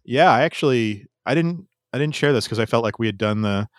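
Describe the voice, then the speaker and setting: A man's voice: mid-range voice, expressive, fairly quick, dry recording, studio quality. A man hosting a podcast, chatting candidly with restarts and frequent laughter. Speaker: podcast host. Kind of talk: casual chat.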